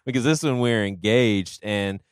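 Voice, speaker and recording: A man co-hosting a podcast in casual chat, with lively, exaggerated outbursts when he quotes himself. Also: fairly low pitch, brisk, clear, resonant tone, no echo, studio quality. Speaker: podcast co-host.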